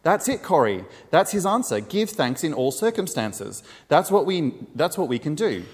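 A man reading the lines of a calm, devout woman who gently insists, in a reverberant hall. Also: fairly high pitch, normal speed, breathy edge, voice pushed up. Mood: eager.

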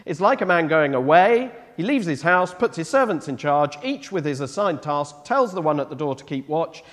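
A man's voice: a little high, expressive, moderate pace. A man preaching a sermon in a church, explaining scripture in a conversational way and often asking the congregation questions. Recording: long reverb of a church hall.

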